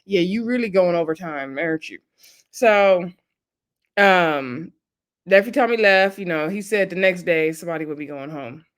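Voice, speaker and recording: A woman, recapping a reality dating show in a casual, chatty way, laughing often and acting out what people said. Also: on the low side. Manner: chatty, laughs often, acts out quotes in quick asides.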